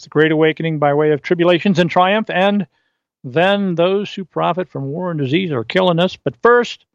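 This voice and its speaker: A man hosting a solo podcast, reading from his articles and riffing off script in a rambling, halting way with many fillers and restarts. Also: on the high side, dry recording, lo-fi sound. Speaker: podcast host.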